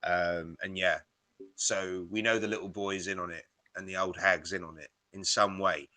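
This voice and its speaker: A man co-hosting a film podcast, rambling and animated as he retells scenes, with casual swearing. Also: low-pitched, normal speed, no echo. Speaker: podcast co-host. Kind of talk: casual film-review chat.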